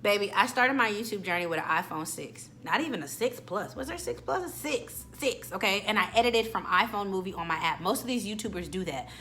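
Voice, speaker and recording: A young woman vlogger telling a story in a chatty, animated way with casual slang, then giving motivational advice. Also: medium pitch, brisk, few pauses.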